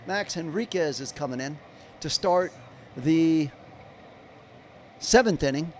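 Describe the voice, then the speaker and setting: High-voiced chatty male baseball streamer. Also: slow pace, slight background noise. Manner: chatty, rambling asides to viewers in chat. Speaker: livestream baseball commentator. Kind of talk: live play-by-play commentary.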